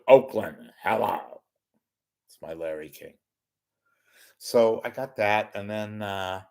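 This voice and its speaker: A man with a very deep, low voice hosts a live talk show on his own. He meanders from story to story, interrupts himself, and drops dry wisecracks in an unhurried, deadpan way. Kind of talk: rambling live solo talk.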